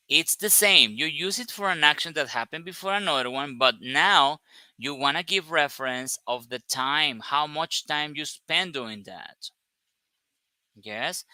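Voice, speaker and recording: Slow, bright-voiced male English teacher. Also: fairly high pitch, smooth, dry recording. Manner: explains step by step, stresses words one at a time; checks understanding with short questions. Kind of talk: grammar lesson.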